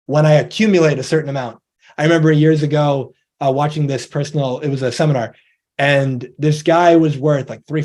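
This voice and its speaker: A man's voice: a little high, dark tone. A man giving a motivational talk in a conversational, earnest way, who acts out the voices of people he quotes. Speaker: investor education presenter.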